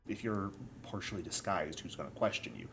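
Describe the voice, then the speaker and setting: A man acting as game master of a tabletop role-playing session, explaining options in a relaxed, easygoing way. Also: low-pitched, a little fast, a little hiss or hum.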